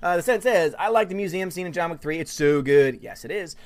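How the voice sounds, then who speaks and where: Fast-talking excitable young-sounding man. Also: high voice. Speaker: livestream host reading chat; student and musical theater performer. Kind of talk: casual live-stream chat.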